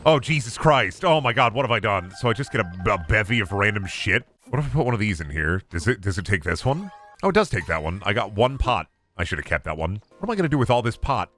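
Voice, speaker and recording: A young man streams a game with loose, excitable commentary, cursing often and bantering with himself and his chat. His voice swings widely in pitch and carries a bright, forward edge. Faint game music plays underneath. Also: fast. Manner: excitable, swears a lot, talks to himself and chat. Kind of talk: casual gameplay commentary.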